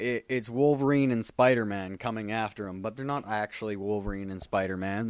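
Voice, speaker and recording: A man in a casual vlog, rambling and cursing freely with plenty of ums and uhs. His voice sits low and sounds smooth and clear. The recording is close and dry. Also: no echo. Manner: rambling, heavy swearing, many fillers. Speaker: comic book vlogger. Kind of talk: casual chat.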